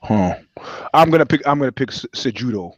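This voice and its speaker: A man's voice: medium pitch, lively intonation, fairly quick, dry recording. A man co-hosting a podcast, talking casually. He rambles and restarts often, and he swears freely. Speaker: podcast co-host. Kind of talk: casual chat.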